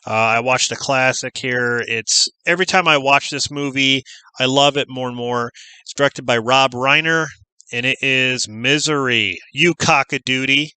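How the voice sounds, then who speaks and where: A man's voice: medium pitch, normal speed, bright, forceful tone, smooth, dry recording, low-quality recording. A man chatting casually as a horror movie YouTuber, rambling enthusiastically with plenty of fillers. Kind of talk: casual chat.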